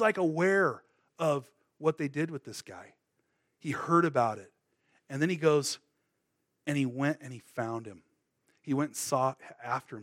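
A middle-aged man preaching, telling his testimony in a casual, rambling way full of fillers and restarts. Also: fairly high pitch. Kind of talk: sermon with personal testimony.

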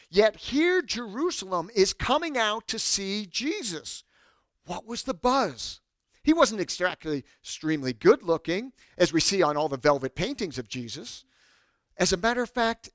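A man preaches a lively sermon in a high voice, reading scripture aloud and asking the listeners questions. He swells loud on quoted cries and sinks to a soft hush between them. The sound is dry and close. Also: no room sound. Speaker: pastor.

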